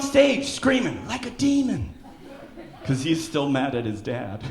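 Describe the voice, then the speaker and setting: A man on a comedy stage, fairly high-pitched and very animated, his voice swooping up and down as he tells his bits and bursts into yelling. The room rings with echo and a loud crowd laughs along. A little background noise sits under it all. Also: a little slow, creaky. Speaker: stand-up comedian. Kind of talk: stand-up comedy set. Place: comedy club stage with live audience. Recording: echoey club with loud crowd. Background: audience laughter.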